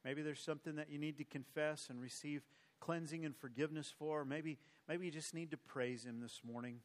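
A man's voice: a little high, steady tone, a little fast. A male pastor closing his sermon with emphatic, repetitive exhortation, then leading his church in prayer. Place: church sanctuary.

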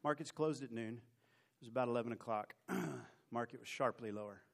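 A man preaching and telling a personal story in a lively way, mocking himself as he acts out the scenes. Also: mid-range voice, fairly quick. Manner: animated, self-mocking storyteller who acts out his own story. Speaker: preacher giving a testimony. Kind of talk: sermon storytelling.

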